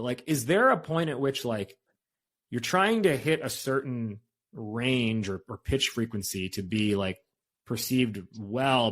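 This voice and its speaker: Man asking rambling, filler-laden questions. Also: medium pitch. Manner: rambling questions full of "like" and restarts. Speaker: podcast host. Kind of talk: casual interview.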